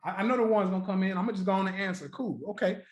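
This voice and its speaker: A man hosting a trading livestream, chatting casually and profanely with viewers, joking, laughing often and repeating his points slowly. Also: sits high. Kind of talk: casual live-stream chat with viewers. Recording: roomy echo.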